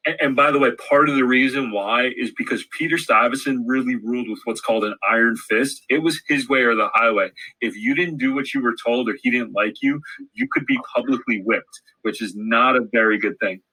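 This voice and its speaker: A man's voice: mid-range voice, fairly quick, bright, forceful tone, slightly rough, poor audio. A man co-teaching a recorded history lesson, breaking in with emphatic interjections. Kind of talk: classroom lesson screencast.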